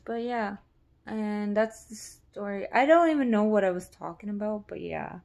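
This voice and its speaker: A woman's voice: mid-range voice, moderate pace, vocal fry, a little mellow. A young woman talking candidly and rambling with lots of fillers in a casual vlog. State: pregnant. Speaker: vlogger.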